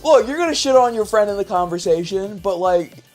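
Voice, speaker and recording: A woman from Australia co-hosting a live game stream, chatty and quick to laugh as she explains herself. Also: medium pitch, lively intonation, a little mellow, soft background music. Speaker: streamer co-host. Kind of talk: casual live-stream chat.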